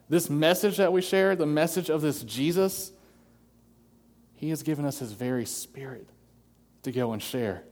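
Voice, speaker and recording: A man's voice: a little high, normal speed, pauses often, a little mellow. A man preaching an earnest sermon as pastor, acting out quoted voices as he goes. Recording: long hall reverb.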